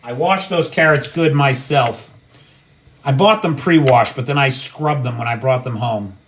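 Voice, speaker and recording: A man's voice: medium pitch, a little slow, a bit bright, a little hiss or hum. An American man hosting a casual livestream from his home kitchen, cooking and talking in a blunt, profane, ranting way. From United States. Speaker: livestream host.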